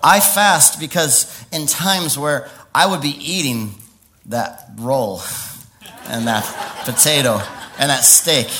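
A man preaching a lively sermon, laughing often, with sudden high exclamations and quiet stretches. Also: slow pace, a little hiss or hum.

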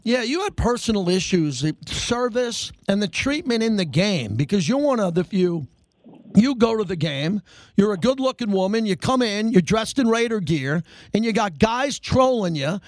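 A man hosting a sports radio show, questioning his guest in an energetic, conversational way. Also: high-pitched, moderate pace, dry recording.

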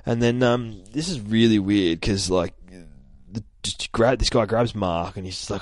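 A man at home talks casually through a comic, full of fillers and easy swearing. He keeps his voice down so he won't wake a sleeping child. His voice is lowish and the sound is close and dry. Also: normal speed, no room sound. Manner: holds his voice down. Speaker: comic book reader. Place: home with a child asleep nearby.

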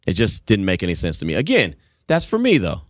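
A man in his forties hosting a casual sports talk show, telling stories with animated voices. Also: low-pitched, quick pace, no room sound, clean studio sound. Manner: animated storytelling, acts out voices.

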